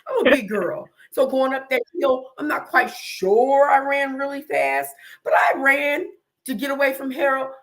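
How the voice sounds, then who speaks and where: A high-pitched woman hosting an interview tells an amusing story at a measured pace. Lively and quick to laugh, she performs her own screams as she goes, keeping the chat casual and animated.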